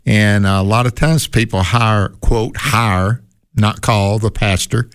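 A man's voice: on the low side, slow, clean tone, no room sound, studio quality. A man co-hosting a casual Bible teaching chat who likes to pose rhetorical questions. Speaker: co-host.

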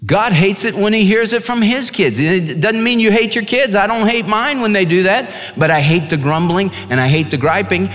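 A man preaching a radio sermon as a pastor, animated, swinging his pitch and pace and acting out whiny kids. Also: normal speed, few pauses, big-room sound.

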